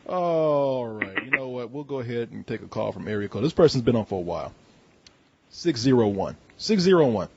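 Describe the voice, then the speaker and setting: A man's voice: mid-range voice, expressive, a little fast, creaky, darkish tone, slightly rough. A man hosting a gaming call-in show, joking around with crude banter and laughing with callers. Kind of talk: casual call-in chat. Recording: slightly dull lo-fi audio.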